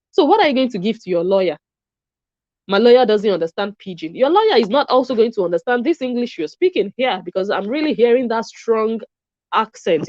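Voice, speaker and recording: A woman's voice: fairly high pitch, a little mellow, no room sound, highs cut off. Sarcastic woman commentator, dry sound. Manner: sarcastic, questioning. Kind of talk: commentary vlog.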